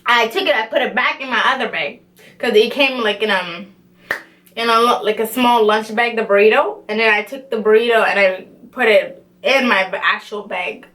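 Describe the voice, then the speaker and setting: A young woman vlogger telling a story in a casual, animated way, with lots of slang and swearing. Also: fairly high pitch, normal speed.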